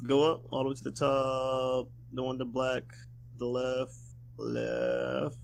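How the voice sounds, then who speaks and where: A man's voice: mid-range voice, completely flat delivery, slow pace, gravelly, a little hiss or hum. A young man co-hosting a podcast, talking in a laid-back, hesitant, slangy way in casual chat. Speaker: podcast co-host.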